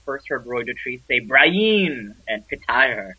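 A man co-hosting a casual book discussion, jokey and expressive. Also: mid-range voice, takes it slowly, breathy edge, no room sound. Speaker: podcast co-host. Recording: dull lo-fi dry sound.

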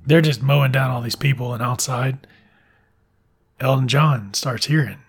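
A man tells a film's plot as a loose, profane, joking ramble. His voice is husky and slightly breathy, at an ordinary middle pitch. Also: normal speed. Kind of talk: casual film recap.

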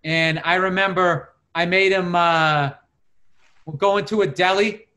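A man's voice: sits high, fairly even intonation, unhurried, bright, forceful tone. A middle-aged man telling rambling stories in casual chat, swearing freely. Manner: profane, rambling storytelling.

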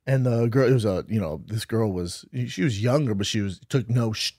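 A man's voice: lowish voice, animated, a little fast, darkish tone, dry recording, studio quality. Swearing storytelling podcast man. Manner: rambling storyteller, heavy swearing, acts out quotes. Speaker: podcast co-host. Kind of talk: casual chat.

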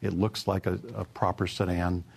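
A middle-aged man with a gravelly voice, an automotive executive answering interview questions in an easygoing, anecdotal way with plenty of fillers. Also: low voice, flat delivery, normal speed.

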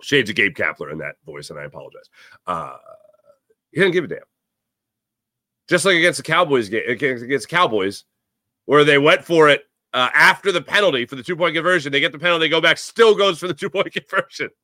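A man's voice: a little high, big pitch swings, fairly quick, sharp tone, no room sound, clean studio sound. A man hosting a sports talk show, giving a rambling, jokey monologue with lots of fillers. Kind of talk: casual sports commentary monologue.

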